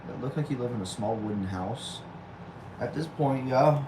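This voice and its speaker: A man's voice: medium pitch, moderate pace, background noise. A man, reading chat aloud on a casual livestream from a small back room at home and answering with dry, easygoing replies. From Texas. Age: 20s.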